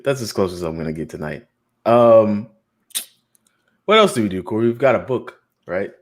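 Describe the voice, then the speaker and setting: Low-voiced joking male podcast host. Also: big pitch swings. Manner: joking, playful, drawn-out shout-outs. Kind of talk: casual live podcast banter.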